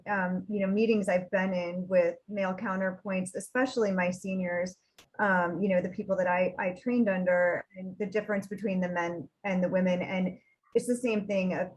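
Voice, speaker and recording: A woman's voice: medium pitch, poor audio. A woman attorney speaking on a panel over a video call, talking earnestly with frequent restarts.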